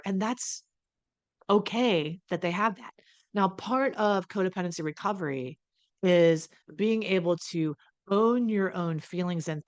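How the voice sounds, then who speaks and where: A low-voiced woman talks at home as a recovery coach. She is blunt and emphatic, swears freely, and acts out the lines of the people she quotes. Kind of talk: casual direct-to-camera talk.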